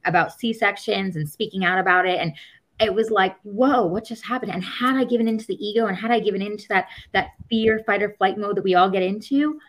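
A woman guest telling a personal story in a casual, animated way, acting out other people's words and laughing often. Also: medium pitch, a little fast, poor audio. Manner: animated, acts out quoted voices, laughs often. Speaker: podcast guest.

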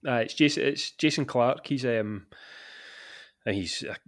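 A man's voice: mid-range voice, unhurried, a bit bright. Easygoing man chatting. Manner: easygoing, agreeing, trailing restarts. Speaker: podcast co-host. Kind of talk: casual chat.

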